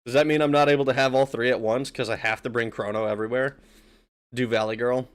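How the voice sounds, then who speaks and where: A man's voice: medium pitch, fairly even intonation, fast, clear, resonant tone. A man streaming a video game who talks casually, swears often and laughs a lot. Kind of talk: let's play commentary.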